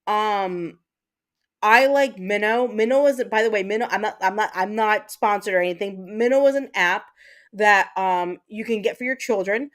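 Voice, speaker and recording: A woman's voice: mid-range voice, moderate pace. A woman hosting a livestream, chatting casually with her viewers in a rambling way, full of fillers and the odd swear word. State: mentally exhausted. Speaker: livestream host. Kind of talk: casual chat with live viewers.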